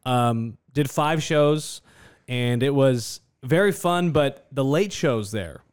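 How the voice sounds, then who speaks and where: A man's voice: mid-range voice, lively intonation, slow pace, smooth. A young man, a comedian, telling stories with jokes and laughs in casual podcast banter. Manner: laughing, joking storyteller.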